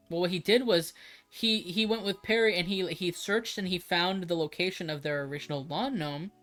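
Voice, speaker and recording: A livestreamer talks off the cuff in a mid-pitched voice, rambling and restarting sentences and swearing for emphasis. Faint music plays quietly behind the talk. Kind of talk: casual livestream chat.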